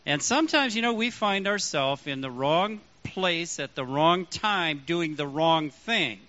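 A man, a pastor, preaching a sermon in an animated way, acting out the voices he quotes. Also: fairly high pitch, measured pace. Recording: dull lo-fi sound.

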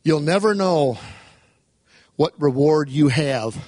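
A man's voice: fairly high pitch, lively intonation, takes it slowly, a little mellow, dry recording, clean studio sound. A man preaching a sermon with emphatic delivery, strings of rhetorical questions and dramatized retellings.

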